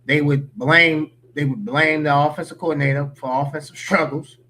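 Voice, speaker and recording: A man's voice: a little high, fairly even intonation, normal speed, bright, forceful tone, a little hiss or hum. A man giving opinionated, slangy sports talk as a podcast guest.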